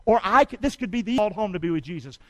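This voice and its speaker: High-voiced preacher, call and response. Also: male voice, lively intonation, very fast, no room sound, highs cut off. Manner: call-and-response preaching, swings from shouting to quiet. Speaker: pastor. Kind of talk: sermon.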